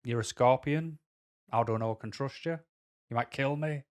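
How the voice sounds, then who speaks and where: Fable frog, male, cautious and good-natured, Mancunian accent, a man doing it barely changed from his own voice, mid-pitched. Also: normal speed, close to an everyday voice. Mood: wary. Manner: cautious, plain-spoken.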